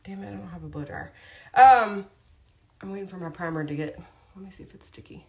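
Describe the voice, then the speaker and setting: A woman's voice: fairly low pitch, brisk, a little mellow. A woman chatting casually on a livestream, rambling through a story with lots of asides while doing her makeup. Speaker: livestream host, mom.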